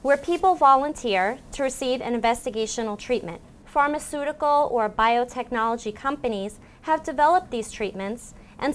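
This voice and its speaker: A woman reading a scripted explanation of clinical trials in a clear, measured way, as a member of a trial team. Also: fairly high pitch, slight background noise. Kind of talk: scripted informational narration.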